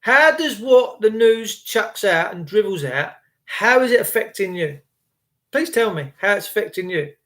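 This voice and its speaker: A man's voice: high-pitched, lively intonation, moderate pace, fairly bright tone. Impassioned man vlogging. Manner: impassioned, rambling, repetitive. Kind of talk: motivational monologue.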